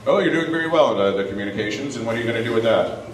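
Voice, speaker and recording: Stand-up comic working the crowd. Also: male voice, mid-range voice, rapid-fire, distant mic. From Canada. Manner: animated, swings into loud put-on voices and rants. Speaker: stand-up comedian. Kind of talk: live stand-up with crowd work. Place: comedy club stage. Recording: roomy live club recording from off-mic, audible noise.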